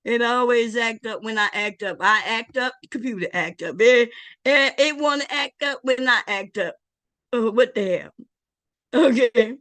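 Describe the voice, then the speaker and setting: A middle-aged woman hosts a casual livestream, loud, teasing and profane as she talks straight to her chat. Her voice sits a little high for a woman. The sound is dry and close, with hardly any room around it. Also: normal speed, dry recording. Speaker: livestream host.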